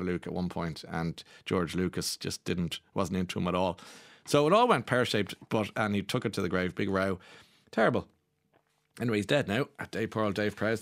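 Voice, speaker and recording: A man's voice: on the low side, no room sound, studio quality. A chatty Irish man hosting a radio show, reading out listener messages between gossipy asides. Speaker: radio host.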